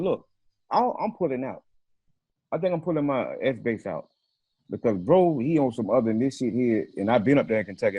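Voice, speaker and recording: A man's voice: medium pitch, mellow, slightly rough, no echo. A man being interviewed, telling a story in a casual, profane way and acting out the phone calls he quotes. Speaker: interview guest.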